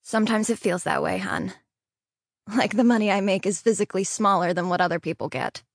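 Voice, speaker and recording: A woman reading the lines of a weary, impatient working mother in an audiobook, her voice lower and flatter than her narration, with a dry close sound. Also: brisk, creaky, no room sound.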